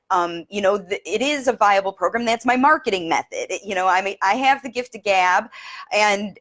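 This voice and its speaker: A chatty middle-aged woman talks off the cuff to her viewers, her sentences circling back with "you know" and "um". Her voice sits at an ordinary pitch, and at moments she turns teary as she talks. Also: a bit bright. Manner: chatty, many fillers and restarts; gets emotional, teary. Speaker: speech and language coach. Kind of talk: casual live video talk.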